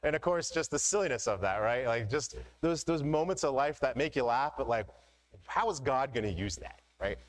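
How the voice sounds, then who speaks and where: A man's voice: medium pitch, lively intonation, normal speed, rough recording. A middle-aged man preaching a sermon as a pastor, telling personal stories in a casual, conversational way with frequent "right?" asides.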